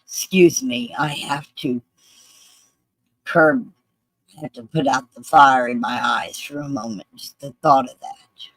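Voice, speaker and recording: Slow, earnest storyteller. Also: mid-range voice, animated, fairly bright tone, no room sound, low-quality recording. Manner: earnest, deliberate retelling with quoted voices. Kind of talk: personal storytelling.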